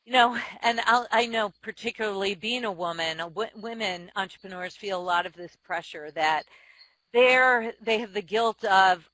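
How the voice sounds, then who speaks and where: A woman in her forties, a company chief and author, answering interview questions with frank, self-deprecating stories, quick laughs and restarts. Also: mid-range voice, sharp tone, no room sound, poor audio. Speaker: company CEO and author, guest. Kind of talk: candid interview storytelling.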